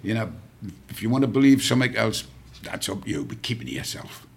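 Low gravelly guy on a podcast, animated storyteller cracking himself up. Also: quick pace. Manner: animated storyteller who laughs at his own tales. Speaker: guest. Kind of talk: telling family stories in a podcast chat.

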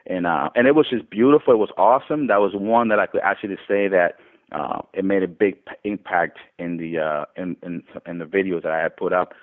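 A man's voice: sits low, brisk. Man telling testimony over a phone line. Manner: animated retelling with many restarts, voice rising when quoting others. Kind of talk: casual testimony storytelling. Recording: tinny phone-line sound.

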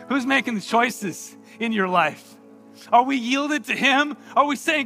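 A male pastor preaching a sermon in church with energetic, playful delivery and emphatic repetition. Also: extremely high pitch, unhurried, faint music behind.

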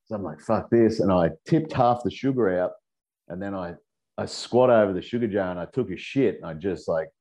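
Deep, dark-voiced Australian man. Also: brisk. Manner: profane, rambling, laughing storyteller. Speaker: guest. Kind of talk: casual storytelling chat.

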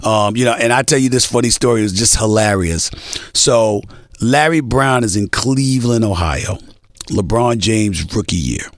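A man with a lowish voice tells stories from his career in a punchy, emphatic way, stacking short statements one after another. He is recorded dry and close on a studio mic. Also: no room sound. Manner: emphatic, rapid-fire storyteller. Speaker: guest, sportswriter and commentator. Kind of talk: storytelling interview.

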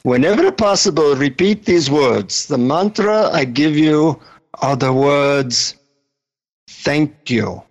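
A man voicing an old male guru with an Indian accent, speaking slowly and solemnly as part of a funny story. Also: a little high. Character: wise old male guru, calm and knowing. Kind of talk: comic story anecdote.

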